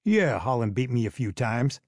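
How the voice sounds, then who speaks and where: A man's voice: mid-range voice, very animated, moderate pace, a little mellow, dry recording, studio quality. A man voicing a friendly, easygoing teenage boy. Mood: confident.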